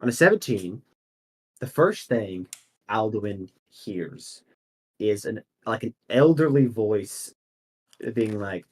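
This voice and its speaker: A man's voice: on the low side, expressive, takes it slowly, darkish tone, slightly rough. A man running a tabletop game as game master, chatty and laughing.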